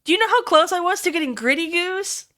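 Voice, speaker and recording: A young adult woman streamer chatting casually with viewers, excitable, swearing freely and squealing over cute things. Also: extremely high pitch, fast. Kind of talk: casual livestream chat with viewers.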